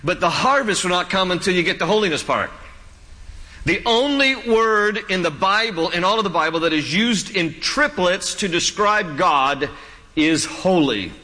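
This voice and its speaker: Man, pastor, sermon, bright tense tone, long hall reverb. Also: sits high, animated, normal speed. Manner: folksy, joking asides with frequent restarts.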